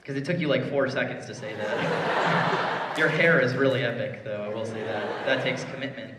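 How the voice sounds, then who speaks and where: A man giving a live spoken word performance, teasing a volunteer and swinging between hushed talk and yelling. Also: mid-range voice, normal speed, heavy background noise. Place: performance hall before a live audience. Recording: echoey hall, voice caught from a distance.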